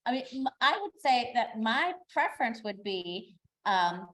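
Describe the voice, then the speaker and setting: A woman's voice: a little high, sing-song, measured pace, a bit bright. Direct woman panelist, off-mic. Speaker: audition workshop panelist. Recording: voice from far off.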